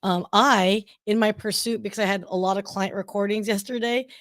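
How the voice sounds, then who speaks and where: Brief: female co-host, middle pitch, dry close call mic, talkative and explanatory. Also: fairly even intonation, brisk, dry recording. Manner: chatty and explanatory, frank asides. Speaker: livestream co-host. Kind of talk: casual livestream chat.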